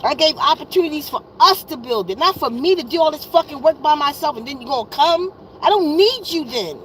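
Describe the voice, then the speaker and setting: A woman's voice: sits high, quick pace, slight background noise, poor audio. A woman in her fifties venting to her viewers, tired and exasperated, blunt and profane, often repeating herself. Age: 50s. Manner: weary and exasperated. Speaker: wellness vlogger.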